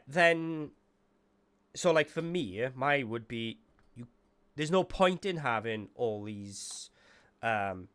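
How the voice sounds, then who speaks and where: A man's voice: medium pitch, a bit bright. A man hosting a casual panel chat, talking in a chatty, meandering way and correcting himself as he goes.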